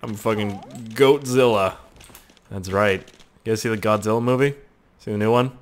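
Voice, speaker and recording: A man giving excitable, crude let's-play commentary, swearing a lot and joking to himself. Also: fairly low pitch, normal speed. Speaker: gaming video host.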